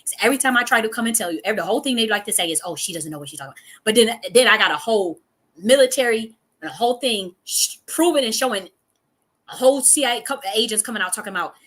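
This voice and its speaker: A woman's voice: on the high side, animated, quick pace, a bit bright. A woman, giving a heated, profane monologue full of repetition and sudden outbursts. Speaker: spiritual teacher and channel host. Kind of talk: impassioned monologue.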